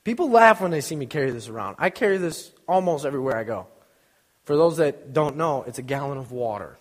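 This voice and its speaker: A young preacher with a slightly high voice talks briskly and animatedly through an informal sermon. Joking and chatty, he acts out small scenes in his stories while long hall reverb trails each word.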